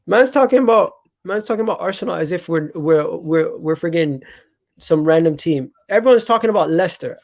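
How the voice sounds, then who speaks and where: A man hosting a live football stream, talking to his chat in an animated, emphatic way and often repeating himself. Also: fairly high pitch. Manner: chatty, addresses chat directly. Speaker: football channel host.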